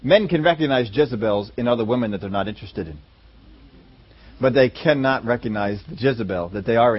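A man preaching a sermon in an animated way, acting out voices in his stories, on a dull lo-fi recording. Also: medium pitch, husky. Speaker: pastor.

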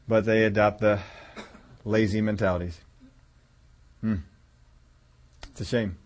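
A man's voice: lowish voice, fairly even intonation, measured pace, long pauses. A man preaching a sermon in a folksy, conversational way, rambling a little as he tells a story to his congregation.

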